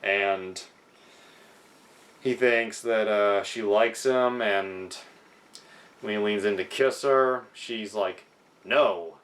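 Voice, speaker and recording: A man's voice: fairly low pitch, slow, pauses often, fairly bright tone. A young man reviewing a film in a casual vlog, sounding frustrated as he criticizes it. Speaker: movie reviewer.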